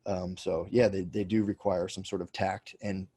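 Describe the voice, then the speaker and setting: A man's voice: deep voice, flat delivery, moderate pace, mellow, breathy edge. A man, a comedian, talking as a podcast guest in casual chat, rambling with many restarts and swearing freely.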